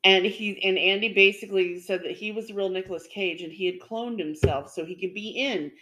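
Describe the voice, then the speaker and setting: A woman's voice: medium pitch, fairly quick, pushed and bright, low-quality recording. A woman co-hosting a casual podcast chat, retelling stories in a rambling way with many fillers and restarts. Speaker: podcast co-host.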